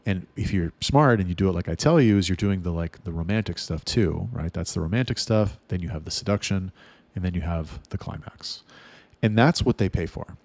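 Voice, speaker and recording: A man's voice: deep voice, fairly quick, darkish tone, no room sound. A man coaching his sales staff in a casual monologue, blunt and profane, rambling with restarts. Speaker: sales trainer for chat staff.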